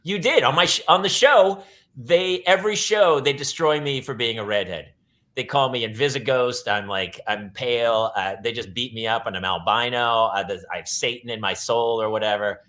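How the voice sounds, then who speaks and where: A man's voice: mid-range voice, normal speed, a bit bright. A man hosting a podcast in casual chat, talking emphatically and repeating lines for effect. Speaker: podcast host.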